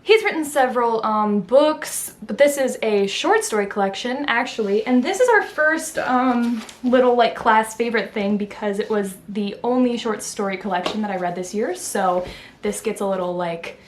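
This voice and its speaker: A woman's voice: on the high side, normal speed. A young woman chatting casually in a vlog, rambling with lots of fillers and self-corrections and poking fun at herself. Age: young adult. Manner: self-deprecating, laughs at herself. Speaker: book vlogger. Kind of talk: casual chat.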